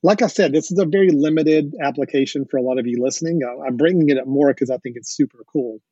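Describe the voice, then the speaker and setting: A man's voice: a little high, quick pace, warm tone, husky, no room sound. A man hosting a podcast, explaining things with enthusiasm and the odd chuckle, on dull lo-fi audio. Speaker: podcast host. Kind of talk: casual podcast chat.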